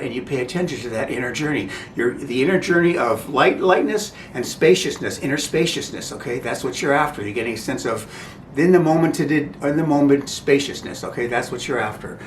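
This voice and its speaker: A man explaining breathing exercises in a halting, informal way, often stopping to check "okay?". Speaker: breathing instructor. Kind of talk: informal spoken instruction. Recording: roomy, distant mic, faint rumble.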